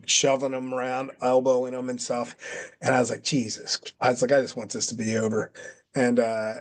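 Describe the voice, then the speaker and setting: A middle-aged former wrestler recounting an old story to an interviewer in a relaxed, conversational voice. He acts out the quoted dialogue with lively jumps in pitch. His speech is loose and peppered with fillers. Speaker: retired pro wrestler guest. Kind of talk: casual storytelling.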